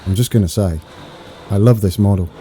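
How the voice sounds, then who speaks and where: A British man giving excitable, chatty live gameplay commentary, talking to his viewers as he plays. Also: fairly low pitch, a little fast, a little hiss or hum. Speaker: game streamer.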